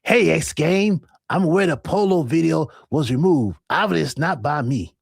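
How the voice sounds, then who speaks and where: A man putting on a slow, exaggerated impression of a male streamer. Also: fairly high pitch, lively intonation, creaky, husky, no room sound, clean studio sound, heavily acted. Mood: mocking.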